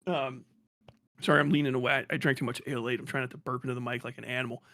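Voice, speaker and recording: A man's voice: mid-range voice, level tone, rapid-fire, fairly bright tone, dry recording, clean studio sound. A man in his late thirties hosting a stream, talking bluntly and profanely, now and then mocking commenters in put-on voices. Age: 30s. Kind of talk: casual chat.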